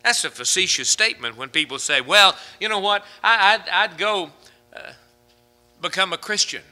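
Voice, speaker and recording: A man's voice: high voice, normal speed, sharp tone. A man preaching a sermon from the pulpit, rising to fervent, emphatic peaks as he drives his points home. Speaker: pastor.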